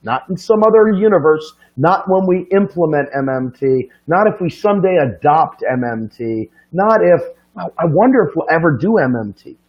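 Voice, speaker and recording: A man giving an impassioned, profane monologue, hammering rhetorical questions and swinging between low, quiet stretches and sudden high, loud bursts. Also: lively intonation, moderate pace, few pauses, dull audio. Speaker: political commentator.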